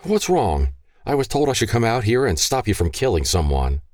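A man's voice: lowish voice, very animated, normal speed, darkish tone, no room sound, studio quality, voice pushed up. A man voicing a worried mother who reasons urgently with her husband.

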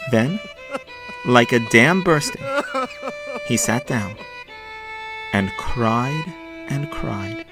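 A man narrating a children's story expressively, slowing and hushing for sad moments. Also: medium pitch, animated. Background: faint violin music.

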